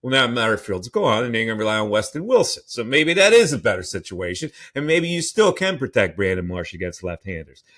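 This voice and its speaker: A man's voice: lowish voice, very animated, a little fast, few pauses, a bit bright. A man hosting a sports talk podcast, rambling and opinionated, with frequent restarts.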